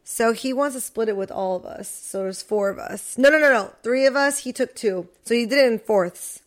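Young woman, podcast co-host, highish voice, animated storytelling, swears freely. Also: normal speed. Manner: animated, swearing, acts out quotes. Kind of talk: casual storytelling chat.

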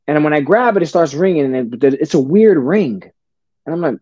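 A middle-aged man tells a personal story in a lively, casual way and keeps calling the listener brother. His voice is mellow and dark. The recording is dry and a little dull. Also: fairly high pitch, fast talker, dry recording. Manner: animated, calls the host brother and bro. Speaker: podcast guest.

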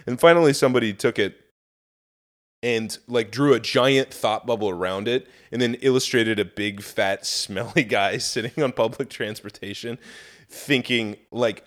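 A man co-hosting a podcast, talking casually with lots of swearing and animated storytelling. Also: medium pitch, normal speed. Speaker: podcast co-host. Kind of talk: casual chat.

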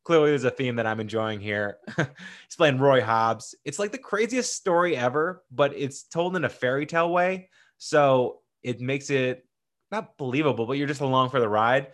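A man hosting a casual movie countdown, talking in an excitable, gushing way with many fillers and restarts. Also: medium pitch, normal speed. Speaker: movie list host.

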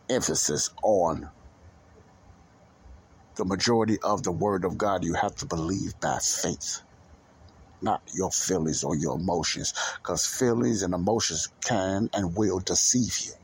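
A man's voice: low-pitched, husky. A man hosting a Christian podcast, talking earnestly off the cuff, repeating himself and restarting his sentences. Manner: earnest, repetitive, restarts often. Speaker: podcast host. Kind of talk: casual Christian commentary.

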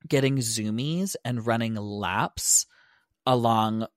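A young man spins a casual, animated story on a podcast, dropping swear words and putting on little voices for the people in his tale. His pitch sits in the middle range, and the recording is dry and close. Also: takes it slowly, no room sound. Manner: animated, swearing, acts out quotes. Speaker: podcast co-host.

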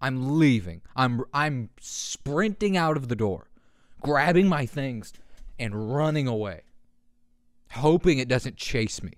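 A young man hosting a casual podcast, excitable and laughing often, swearing and doing deep meows as he reacts to memes. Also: takes it slowly, no echo, clean studio sound. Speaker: podcast host. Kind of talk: casual meme commentary. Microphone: handheld podcast mic.

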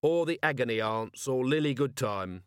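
A man reading an audiobook, voicing a weary, sardonic middle-aged male watch commander with a dry, even delivery. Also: medium pitch, normal speed, smooth, no room sound, lightly acted.

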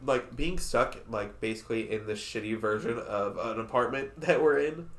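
A man's voice: mid-range voice, normal speed, echoey room. A man in his twenties hosting a casual podcast chat, laughing often and swearing freely. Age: 20s. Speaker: podcast host.

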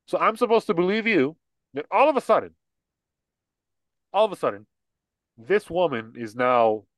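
A man's voice: on the high side, animated, normal speed, no echo. Young guy ranting on a podcast, dry close sound, keeps restarting, fillers everywhere. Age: young adult. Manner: blunt, rambling, lots of restarts and fillers. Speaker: podcast co-host. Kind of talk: casual political chat.

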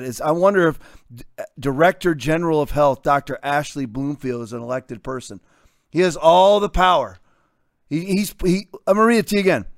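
A man's voice: a little high, dry recording, clean studio sound. A man in his fifties hosting a talk show, delivering combative, sarcastic commentary. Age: 50s. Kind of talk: opinionated commentary.

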